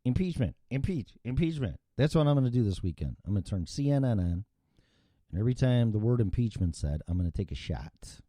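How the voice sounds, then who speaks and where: A man's voice: mid-range voice, big pitch swings, fairly quick, mellow, no echo. A middle-aged American man hosting a show, ranting with profanity and heavy sarcasm. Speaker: show host. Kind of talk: solo political rant.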